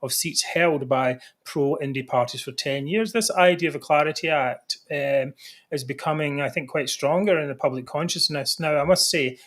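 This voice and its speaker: A man's voice: on the high side, normal speed, fairly bright tone. A man hosting a political discussion show over a livestream, talking in fits and starts with many restarts and fillers. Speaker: host. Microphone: livestream video call.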